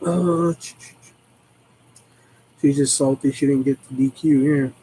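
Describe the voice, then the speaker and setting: A man's voice: medium pitch, steady tone, unhurried, dark tone, slightly rough, low-quality recording. A man hosting a live stream, chatting casually in a rambling way and swearing constantly.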